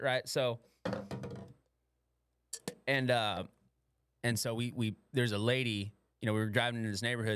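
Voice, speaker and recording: This is a man in his twenties hosting a casual, crude podcast. He speaks at an average pitch, close to the mic, with no room sound, and he rambles through stories with plenty of swearing. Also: a bit bright, dry recording. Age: 20s. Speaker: podcast host.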